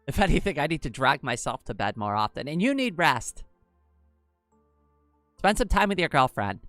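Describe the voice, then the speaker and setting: Soft background music plays as a young woman with a low-pitched, fairly bright, androgynous-sounding voice chats with livestream viewers at normal speed, her pitch swinging widely. There's no echo, and she rambles through the chat with lots of fillers.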